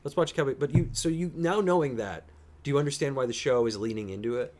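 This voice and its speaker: A man's voice: medium pitch, fast talker, a little mellow. A man chatting casually while reacting to a show, enthusiastic and rambling, sometimes teasing his co-host. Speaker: reaction streamer.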